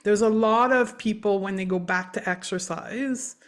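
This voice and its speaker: A woman's voice: medium pitch, normal speed. A woman podcast host and coach in a casual interview, thoughtful and asking probing questions. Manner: reflective, asks probing questions.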